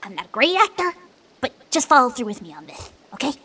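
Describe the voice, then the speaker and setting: High, bright-voiced woman player. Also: very animated, fast, slightly rough. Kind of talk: casual game chat.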